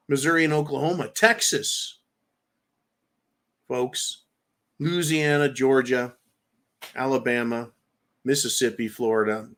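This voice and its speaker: A man hosting a live show and answering viewer comments. His voice sits on the higher side, and he talks bluntly and swears freely. He rambles and piles up long lists of names and places. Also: a bit bright. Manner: rambling, with lists and repeated words. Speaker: livestream host.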